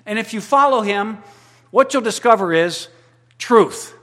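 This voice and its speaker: Emphatic preacher in a reverberant hall. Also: male voice, high voice, expressive, a little slow. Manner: swings from loud emphatic declarations to quiet intimate asides. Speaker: pastor. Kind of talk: sermon.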